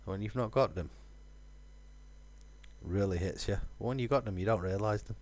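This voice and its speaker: A man's voice: fairly low pitch, moderate pace, darkish tone. A man, musing aloud with fillers while streaming a game. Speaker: gaming streamer. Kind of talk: casual let's-play commentary.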